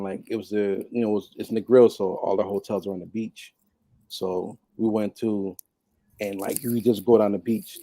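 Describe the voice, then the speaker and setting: A man telling a personal story on a podcast in a casual, animated way, laughing often and mimicking others. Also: fairly low pitch. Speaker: podcast guest.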